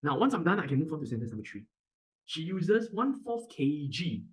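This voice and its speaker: A man's voice: a little high, sing-song, fairly quick, low-quality recording. A male math tutor with a Singaporean English accent who teaches animatedly and keeps asking if the class understands.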